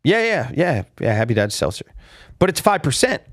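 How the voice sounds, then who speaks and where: A man's voice: a little high, big pitch swings, moderate pace, no room sound. Rambling man recapping fights, dry sound. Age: adult with a father. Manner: rambling storyteller with many restarts and fillers. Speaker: podcast host. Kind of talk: casual chat.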